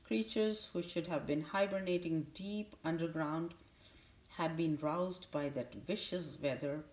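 A woman narrating a children's novel aloud in a measured, unhurried way, with a few small restarts. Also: low-pitched, a little mellow, echoey room. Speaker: audiobook narrator. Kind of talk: storybook read-aloud.

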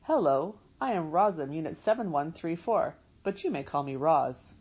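A woman voicing a calm, polite female robot mother who speaks in precise, formal phrases. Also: sits low, normal speed, slightly rough.

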